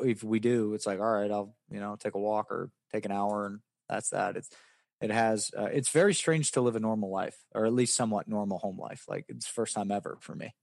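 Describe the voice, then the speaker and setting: A man's voice: on the low side, vocal fry, a little mellow, no echo, studio quality. Southern man from West Virginia, rambling. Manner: rambling, many restarts and fillers. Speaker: guest, poker player. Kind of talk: casual interview chat.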